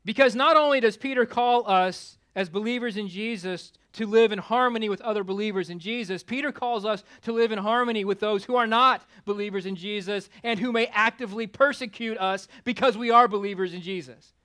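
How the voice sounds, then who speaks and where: A male pastor preaching a conversational sermon with self-deprecating humor, climbing louder for emphasis and dropping low for asides. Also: a little fast, few pauses, clear, resonant tone. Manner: rises in pitch and volume for emphasis, drops low for asides.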